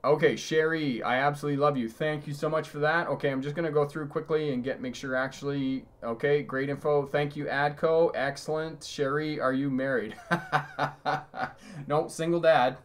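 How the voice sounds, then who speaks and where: A man's voice: on the high side, steady tone, moderate pace. A middle-aged man, a driving instructor, giving a live lesson, telling road stories with chuckles and reading out viewer questions. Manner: conversational, storytelling with chuckles. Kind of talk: live-streamed lesson answering chat.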